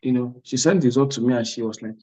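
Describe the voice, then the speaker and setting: A man's voice: medium pitch, quick pace, warm tone. A man coaching students in an exam prep class, with a mid-range voice. He talks emphatically, doubling back on his words and checking that everyone is following along. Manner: emphatic, repeats words, asks "are you with me?". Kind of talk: motivational class talk.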